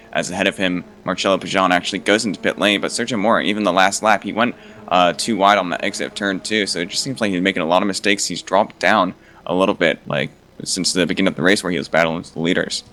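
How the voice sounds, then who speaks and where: Bright-voiced man calling a sim race. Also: low-pitched, a little hiss or hum. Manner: quick, rising excitement on passes. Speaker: sim racing commentator. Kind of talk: play-by-play race commentary.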